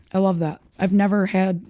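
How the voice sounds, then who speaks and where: A woman's voice: medium pitch, warm tone, dry recording, clean studio sound. A woman guesting on a podcast, chatting casually in an easygoing, agreeable way. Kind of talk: casual chat.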